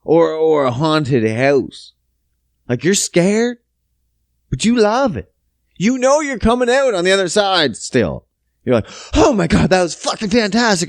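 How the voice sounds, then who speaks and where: A man in his thirties from Canada telling a story on his podcast, swearing often and swinging between loud outbursts and low mutters. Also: dry recording, clean studio sound. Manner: profane, emphatic, big pitch swings. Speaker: podcast host. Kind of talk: casual storytelling monologue.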